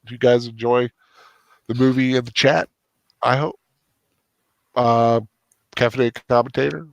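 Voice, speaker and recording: A man hosts a relaxed movie rewatch chat in a mid-pitched voice. He rambles, stops and restarts his sentences, and fills the gaps with ums. The sound is close and dry. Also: gravelly, dry recording. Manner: rambling, halting with many restarts and fillers. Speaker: host. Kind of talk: casual post-movie chat.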